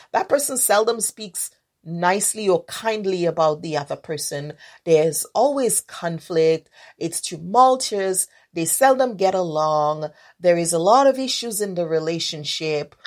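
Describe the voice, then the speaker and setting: A woman hosting a solo podcast as a corporate trainer, talking earnestly through everyday scenarios and acting out quoted lines. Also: mid-range voice.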